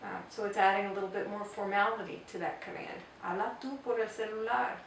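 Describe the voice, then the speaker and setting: A woman teaching a grammar lesson, explaining step by step and repeating example phrases slowly. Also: mid-range voice, creaky, a little hiss or hum. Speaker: Spanish teacher. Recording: echoey room, voice from far off.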